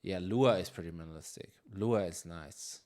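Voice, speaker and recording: A man's voice: low-pitched, moderate pace, a little mellow. A man live-coding on a stream, chatting casually and thinking aloud with many fillers and restarts. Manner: reads chat questions aloud.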